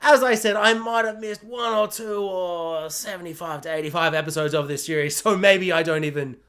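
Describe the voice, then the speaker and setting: A man's voice: sits high, normal speed, fairly bright tone. A man giving a comedic, sarcastic spoiler review of a TV series, rambling and breaking into silly mock voices.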